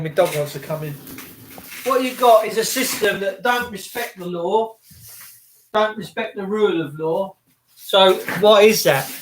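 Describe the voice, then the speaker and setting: A man's voice: high-pitched, slight background noise. A man, ranting and swearing angrily to viewers on a live stream, with sarcastic asides.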